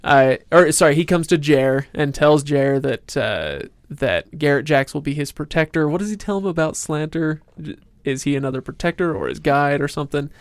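Smooth-voiced man hosting a book chat. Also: fairly high pitch, moderate pace, hardly any pauses, no room sound, studio quality. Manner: leading questions, self-deprecating jokes. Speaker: podcast host. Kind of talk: casual book discussion.

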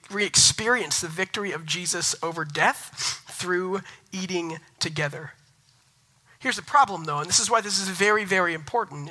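Young man, pastor, sermon, animated storytelling, high-pitched. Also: poor audio. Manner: animated storytelling, rising loud when excited.

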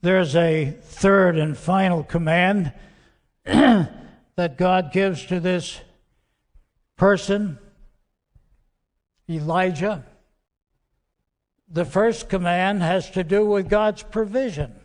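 A pastor with a high voice delivers his sermon at a slow, deliberate pace. He leans hard on some words and lets others fall to a hush. The church hall gives his voice a long, ringing reverb. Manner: slow, emphatic preaching that drops soft and quiet on key words. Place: church sanctuary.

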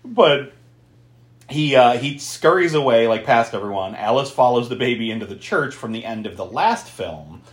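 A man co-hosting a podcast, recapping a horror movie in a casual, animated way and laughing often. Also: normal speed, echoey room. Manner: animated, laughing, swearing recap with big pitch jumps. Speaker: podcast co-host.

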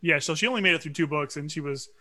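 A middle-aged man from Louisiana chatting casually on a podcast, ranting with quick asides. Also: on the high side, crowd noise. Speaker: podcast co-host. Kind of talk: casual chat.

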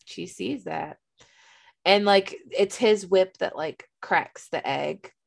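Woman co-host, casual and profane, low and gravelly. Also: slow pace, no echo. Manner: casual, swears freely. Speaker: podcast co-host. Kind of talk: casual chat about a fantasy novel.

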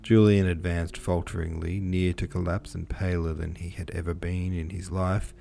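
Audiobook narrator, male, low and gravelly, measured delivery. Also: little pitch movement, warm tone, a little hiss or hum. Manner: measured, occasionally self-correcting. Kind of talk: reading a classic novel aloud.

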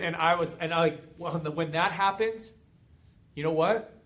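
A man's voice: a little high, unhurried, fairly bright tone. A man giving a fired-up motivational talk as a coach, emphatic and driving his points home through repetition. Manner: fired up, emphatic, repeating phrases for effect.

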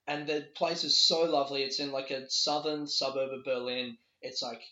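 A man hosting a casual solo podcast, telling a rambling, sweary story with quick laughs from a bedroom. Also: medium pitch, level tone, sharp tone. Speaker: podcast host. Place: a bedroom in a borrowed house. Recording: echoey room, dull lo-fi sound.

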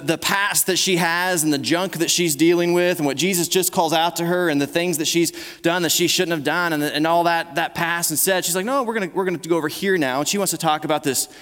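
A man's voice: a little high, a bit bright. A male pastor preaching a conversational sermon to a live congregation, often restarting his words as he talks. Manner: conversational preaching with frequent repeated starts. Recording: long reverb of a large hall.

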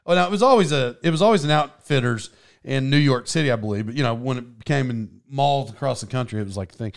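A man's voice: mid-range voice, quick pace, vocal fry. A man telling rambling stories in casual chat, laughing as he goes.

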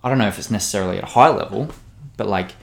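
A young man on a podcast, talking quickly with lots of "like" and restarts. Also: lowish voice, creaky, slight background noise. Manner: quick, hesitant talk full of "like" and restarts. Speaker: podcast co-host, former fighter. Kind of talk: casual podcast chat.

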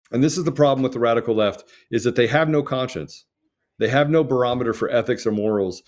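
A man's voice: medium pitch, a little mellow. A man co-hosting a political talk show, speaking emphatically with stammering restarts. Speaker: co-host.

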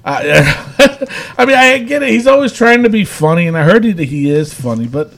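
Man, casual podcast recap, slightly high pitch, rambling, laughs a lot. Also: sing-song, moderate pace, a bit bright. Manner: rambling, laughs often, filler-heavy. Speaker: podcast co-host. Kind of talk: casual wrestling recap chat.

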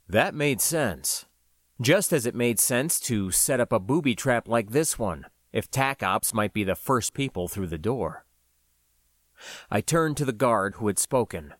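A man narrating a science-fiction novel in the first person, with a measured, expressive storytelling delivery. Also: mid-range voice, dry recording, studio quality. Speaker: audiobook narrator.

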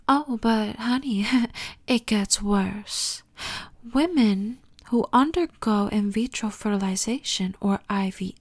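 A woman hosting her own opinion podcast alone, sassy and sarcastic, calling the listener honey and darling, cussing freely and often dropping into a half-whispered aside. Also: fairly high pitch. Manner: cusses freely. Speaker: podcast host.

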